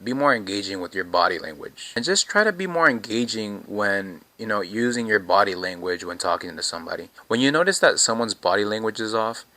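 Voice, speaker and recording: Male host of a casual explainer, slightly low and bright tone, dry sound, relaxed with lots of fillers. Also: brisk, hardly any pauses, dry recording. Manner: relaxed, frequent "you know" and "right?" fillers. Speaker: video host teaching communication. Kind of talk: casual self-help explainer.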